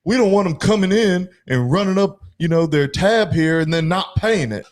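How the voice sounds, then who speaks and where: A man's voice: high voice, animated, moderate pace, pitched above the performer's own voice. A man putting on the voice of an older male golf club member who talks bluntly and matter-of-factly.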